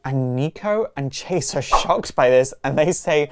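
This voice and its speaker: A woman hosting her own show, casually recapping a comic story in an animated way. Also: extremely low pitch. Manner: animated retelling with quick character voices. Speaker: host.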